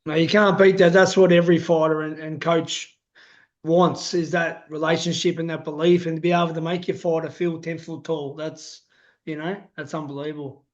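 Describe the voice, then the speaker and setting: A man hosting a casual interview, affirming his guest warmly with lots of "yeah" and "mate". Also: on the high side, level tone, normal speed. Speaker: interview host. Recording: dull lo-fi audio.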